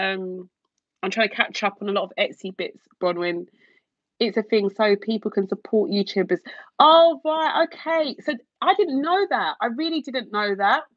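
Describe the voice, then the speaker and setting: A woman's voice: mid-range voice, a bit bright, no room sound, dull audio. A young woman chatting casually on a livestream, gushing and using lots of fillers as she answers viewer comments. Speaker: YouTube livestream host and shop owner.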